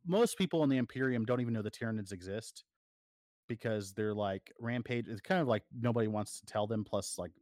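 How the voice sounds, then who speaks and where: A podcast co-host chats casually, his fairly low, slightly mellow voice moving at a fairly quick clip as he rambles with plenty of fillers and restarts. The recording is clean studio sound with no echo.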